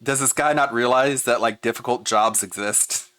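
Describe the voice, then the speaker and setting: A man streaming, reacting to a video with animated, exasperated commentary, laughing often and swearing. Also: medium pitch, normal speed.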